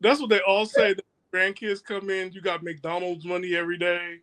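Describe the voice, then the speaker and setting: Man, podcast co-host, teasing, casual chat, high voice. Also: level tone, normal speed, fairly bright tone.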